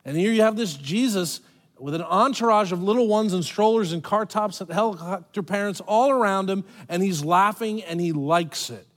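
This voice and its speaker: Delivering his sermon conversationally and with animation, a high-pitched male pastor leans on dramatic pauses and acts out quoted voices.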